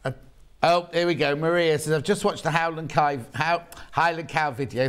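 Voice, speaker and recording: A British-accented man presents on a live shopping channel from a TV studio, chatting and rambling with self-mocking asides. His voice is fairly high and fairly bright, clean in tone, with fairly even intonation and a moderate pace.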